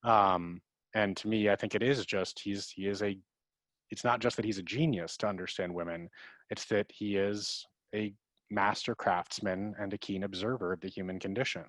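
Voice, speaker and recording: Low-voiced man explaining verse rhythm. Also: steady tone, normal speed, fairly bright tone, no echo. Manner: thoughtful, chatty, repeats words, taps out verse rhythm aloud. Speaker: dramaturg. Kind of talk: answering audience questions in an online talk.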